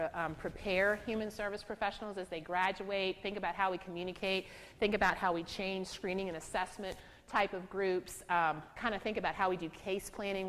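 A woman speaker giving a lecture on trauma, telling stories from her casework and acting out the voices of the people in them. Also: on the low side. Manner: storytelling, animated when acting out quotes, laughs. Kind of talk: lecture to a law school audience. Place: lecture hall. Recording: reverberant lecture hall.

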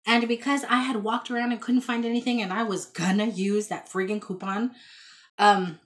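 A woman's voice: mid-range voice, steady tone, normal speed. A woman chatting casually to camera about her thrift finds in a child's bedroom at home, rambling and folksy. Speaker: thrift haul vlogger.

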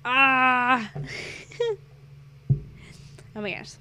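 A woman's voice: high voice, steady tone, extremely slow, sharp tone, a little hiss or hum. Chatty young woman, rambling storytime. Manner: rambling, chatty, easily sidetracked by the game. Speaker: gaming streamer. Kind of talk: casual storytelling while gaming live.

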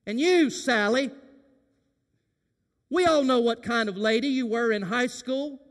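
A preacher with a strikingly high, ringing voice delivers an impassioned sermon to his congregation. He drops to a near hush, then climbs to fervent shouts, and his words ring out through the long reverb of a church sanctuary. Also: a little slow. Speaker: senior pastor. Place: church sanctuary during worship service.

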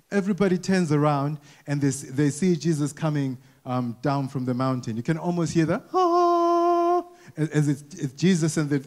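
A man's voice: fairly high pitch, a little mellow. A man preaching a conversational sermon to a church congregation, often repeating words as he goes and asking the people questions. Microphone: wearing a mic.

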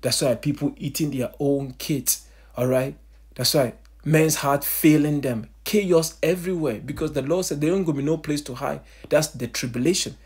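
A man preaching a sermon with a husky, breathy edge to a fairly high voice. He addresses his listeners as family and answers his own rhetorical questions as he goes. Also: moderate pace, darkish tone.

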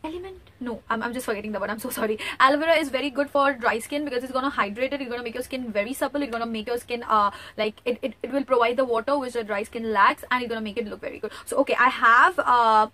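An excitable young woman talks eagerly through a beauty haul. Her voice sits high and sounds bright and crisp, and she hurries along in a chatty way. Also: quick pace, hardly any pauses. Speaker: beauty vlogger. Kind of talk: product haul review. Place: at home, near a bookcase.

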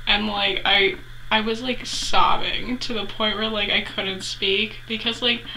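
A woman's voice: mid-range voice, steady tone, a little slow, bright, forceful tone, slight background noise, poor audio. A young adult woman chatting casually as a vlogger, retelling a story with lots of 'like' fillers.

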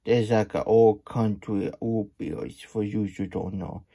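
A man's voice: lowish voice, fairly even intonation, takes it slowly, mellow, husky. A man hosting a casual storybook reading, with playful cowboy-persona banter and rambling asides. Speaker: children's book reader.

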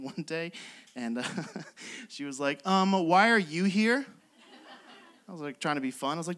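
A man's voice: fairly high pitch, fairly bright tone, slight background noise. A young man doing a self-deprecating stand-up set on a club stage, often laughing through his lines. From West Virginia. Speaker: stand-up comedian.

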